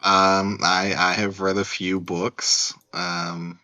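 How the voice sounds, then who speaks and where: Deep, slow-talking playful man. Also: little pitch movement, pushed and bright. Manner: playful, hesitant, many fillers. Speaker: podcast host. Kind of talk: casual chat.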